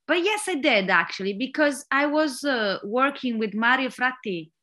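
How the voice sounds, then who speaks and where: A woman from Italy with an Italian accent, an actress answering interview questions, often pausing to search for words. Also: high-pitched, expressive, sharp tone. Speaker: actress, guest.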